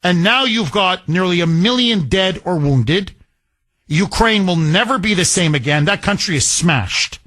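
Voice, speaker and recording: A man's voice: high-pitched, expressive, a little slow, sharp tone. A man hosting a talk radio show, delivering a combative, sarcastic monologue full of rhetorical questions.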